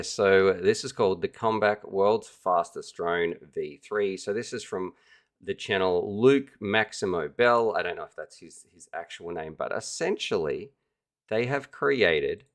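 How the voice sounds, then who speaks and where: A deep-voiced man chats casually on a livestream. He sounds upbeat and keen, and he talks straight to his viewers like friends hanging out. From Australia. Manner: enthusiastic, chatty, addresses viewers directly. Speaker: livestream host.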